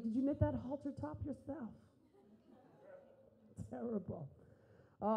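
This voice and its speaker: A woman's voice: on the high side, dark tone, rough recording. A young woman doing a stand-up comedy set, brash and profane, acting out the voices of people in her stories.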